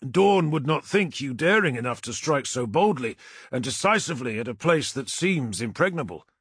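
A man's voice: mid-range voice, animated, moderate pace, a bit bright, husky, no echo, clean studio sound, voice pushed up. A man doing a tense, determined armored officer. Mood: urgent. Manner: urgent, pressing.

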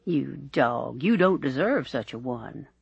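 A narrator doing a jovial, teasing old bishop. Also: male voice, medium pitch, lively intonation, takes it slowly, creaky, breathy edge, no echo, dull audio, full character voice. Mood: delighted. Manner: hearty, warm, teasing. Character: jovial older male bishop, old friend.

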